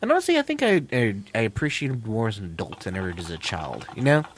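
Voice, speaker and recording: A man co-hosting a casual podcast chat, rambling and excitable, crude and quick to laugh. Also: fairly low pitch, slight background noise. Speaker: podcast co-host.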